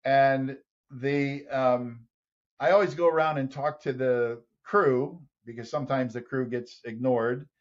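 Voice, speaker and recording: A man telling a lively story as a podcast guest, acting out other people's voices. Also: medium pitch, unhurried. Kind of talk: storytelling in an interview. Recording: dull lo-fi sound.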